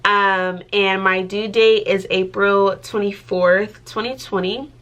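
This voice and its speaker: A woman's voice: mid-range voice, steady tone, slow, a bit bright. A young adult woman talking casually to her vlog audience, chatty and giggly, with lots of filler words. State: pregnant. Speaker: vlogger.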